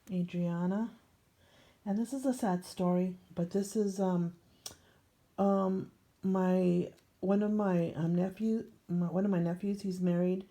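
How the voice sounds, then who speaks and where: An older woman with a lowish, warm voice chats casually while showing her scrapbook pages. She's a scrapbooking vlogger, and her show-and-tell narration meanders along with plenty of ums.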